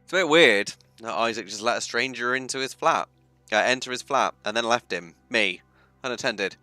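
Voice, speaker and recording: A man's voice: medium pitch, moderate pace, bright, forceful tone, no echo, faint music behind. A man streaming a story game, reading its text aloud with chatty, self-mocking asides.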